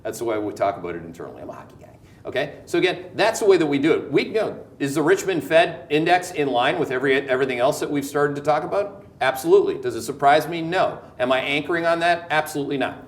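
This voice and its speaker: A man with a Canadian accent hosting a market commentary show, talking in an animated, emphatic, joking way that circles back on itself. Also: a little high, fast. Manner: animated, emphatic, jokey, repeats words. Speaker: host. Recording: echoey room.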